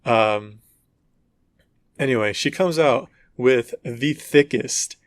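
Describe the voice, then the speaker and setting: A man co-hosting a casual gaming podcast, telling stories in an animated way and acting out dialogue. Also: medium pitch, takes it slowly, no room sound. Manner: animated storytelling, acts out dialogue in quotes. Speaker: podcast co-host. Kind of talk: casual chat.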